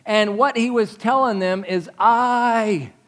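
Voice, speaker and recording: A man preaching a sermon as pastor, animated and conversational, acting out quotes from the story. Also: sits high, normal speed.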